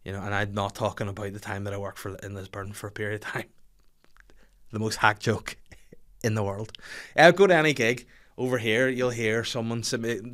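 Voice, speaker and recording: A Northern Irish man in his thirties hosts a comedy podcast, telling stories in a sweary, self-mocking way. His voice is lowish and fairly bright, with fairly even intonation and a slightly fast pace.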